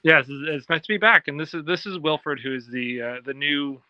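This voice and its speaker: A man's voice: a little high, brisk, no echo. A man with a Canadian accent, friendly and chatty, talking as a guest on a video call. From Ontario, Canada. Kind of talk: casual video call chat. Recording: dull lo-fi video call audio.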